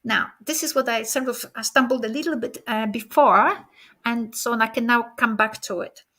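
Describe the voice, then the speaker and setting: A woman delivers a conference keynote in a high, bright, forceful voice. She talks straight to her audience. She keeps checking in with rhetorical questions as she explains. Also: moderate pace. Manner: addresses the audience directly. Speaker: keynote speaker.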